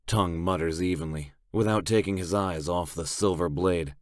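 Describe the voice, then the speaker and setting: Man narrating audiobook, very deep voice, dry close studio sound, steady gritty delivery. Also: moderate pace, no room sound. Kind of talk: first-person romance audiobook narration.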